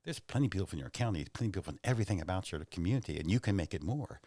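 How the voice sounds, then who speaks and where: Very deep-voiced man telling rambling stories. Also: racing, dry recording. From Oklahoma, USA. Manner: animated, rambling, self-mocking. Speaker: guest, stand-up comedian. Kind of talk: casual storytelling and joke-telling. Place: podcast studio.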